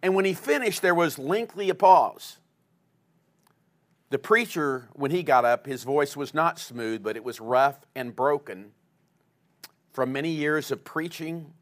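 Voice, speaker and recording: A male pastor preaching a sermon to his congregation, with a dynamic delivery that swings from loud emphasis to quiet, low asides.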